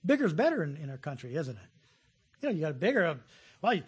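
A middle-aged man preaches in a husky, rather high voice. He talks in a folksy, animated way, slipping in jokes and acted-out voices as he goes. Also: quick pace. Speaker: pastor. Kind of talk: sermon.

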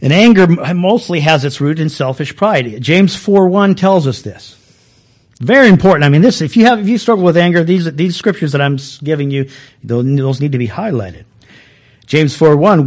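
Middle-aged guy pastor preaching, kinda high voice, lots of stops and restarts. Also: normal speed. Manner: animated preaching with many restarts and repeated words. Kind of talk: sermon.

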